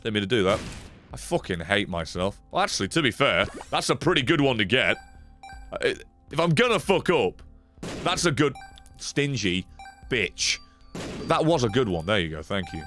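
A young man giving sweary, excitable commentary on his gameplay and chatting with stream viewers. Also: lowish voice. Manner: sweary, excitable, laughs often.

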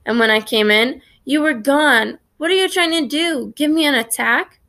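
A woman's voice: on the high side, a little slow, a bit bright. A woman voicing an exasperated, scolding middle-aged neighbor in a storybook reading.

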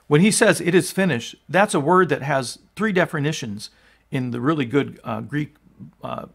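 A man's voice: on the high side, fairly bright tone. A man pastor giving an earnest, emphatic sermon, reading scripture and teaching with restarts along the way. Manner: frequent restarts and fillers.

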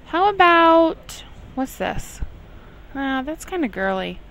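A woman's voice: high-pitched, very animated, takes it slowly, a bit bright, slight background noise, poor audio. Chatty woman scolding her game characters. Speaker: gameplay commentator. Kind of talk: casual let's play commentary.

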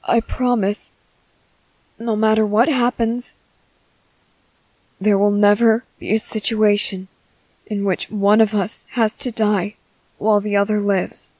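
A woman voicing a tender young man comforting his partner in a whispered role-play, speaking softly, slowly and reassuringly. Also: mid-range voice, little pitch movement, dry recording, poor audio. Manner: soft, slow, reassuring.

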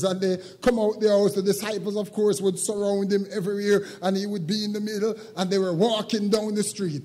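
Older man, pastor's sermon, husky high voice, long church reverb. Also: fairly even intonation. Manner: swings from quiet, halting reflection to loud shouted preaching. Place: church sanctuary.

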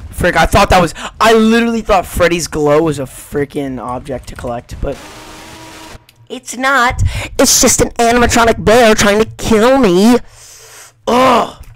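An excitable gaming YouTuber narrates his let's play with playful trash talk. His voice sits in an ordinary middle range and sounds dry and close, with no room around it. He swings between loud outbursts and hushed mutters. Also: medium pitch, no room sound.

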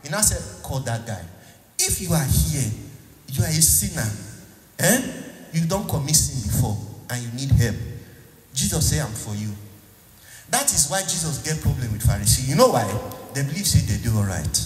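A man's voice: mid-range voice, very animated, moderate pace, slight background noise. A man preaching a sermon as pastor, prompting the congregation to answer him back. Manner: call-and-response with the congregation, repeating "Eh?". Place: church hall. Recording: echoey hall, faint music.

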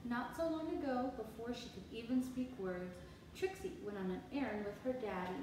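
A woman teacher reading a picture book aloud to children, animated and expressive with asides, heard from far off in an echoey room. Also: a little high, normal speed, background noise.

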